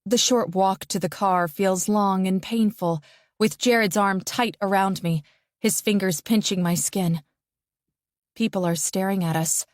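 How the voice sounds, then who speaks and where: A woman narrating a first-person psychological thriller audiobook in a tense, measured way. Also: medium pitch, no echo, studio quality.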